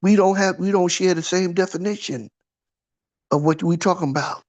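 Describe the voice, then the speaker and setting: A man's voice: sits high, normal speed, a little mellow. A man giving an informal sermon, throwing out rhetorical questions and checking in with his listeners. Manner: conversational, asks "huh?" often, rhetorical questions. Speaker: preacher.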